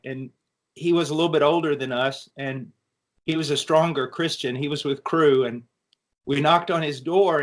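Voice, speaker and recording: A man speaks with a fairly high pitch as he tells a personal testimony. He is an earnest preacher addressing college students, and he often breaks off and restarts his sentences. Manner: earnest storytelling with frequent restarts.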